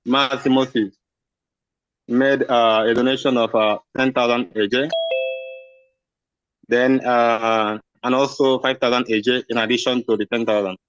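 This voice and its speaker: Man, donation reporter; mid pitch, hesitant, dry and muffled line. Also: flat delivery, measured pace, long pauses, a bit bright, smooth, no echo. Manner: hesitant, many uhs. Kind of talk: reading out donations on a call.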